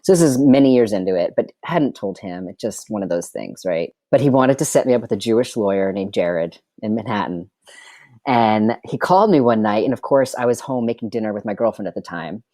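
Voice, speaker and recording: A man's voice: fairly low pitch, lively intonation, brisk, mellow, dry recording, clean studio sound. A middle-aged man, a filmmaker guest, telling personal stories in a wry, chatty way full of filler words. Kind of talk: candid personal storytelling.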